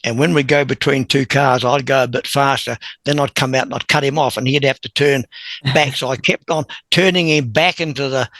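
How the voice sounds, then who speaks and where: A man, a podcast guest telling a long story in a lively, chuckling way. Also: medium pitch, brisk, dry recording, low-quality recording. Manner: animated anecdote-teller who chuckles and clears his throat. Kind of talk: conversational storytelling.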